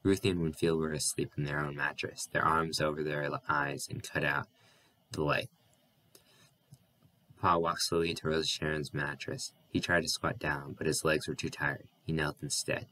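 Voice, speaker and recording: A man reading a novel aloud as an audiobook narrator, steady and even, with an occasional slip and restart. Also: extremely low pitch, normal speed, low-quality recording.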